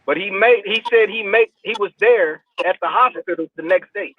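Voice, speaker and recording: A man's voice: high-pitched, normal speed, no echo. A man calling in to a casual discussion, hesitant, repeating words as he talks. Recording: tinny phone line.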